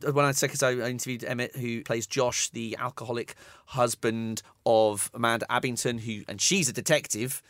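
A chatty, enthusiastic man talking in a casual studio chat. His voice sits at an ordinary pitch, and the sound is dry and close with almost no room. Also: steady tone, moderate pace, a bit bright, no echo. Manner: chatty, enthusiastic, laughs often. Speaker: guest critic.

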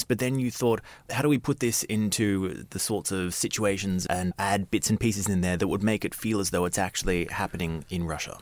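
A man with a fairly low voice conducts a film interview, putting measured, thoughtful questions to his guests. The sound is dry and close, with no room echo. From Australia.

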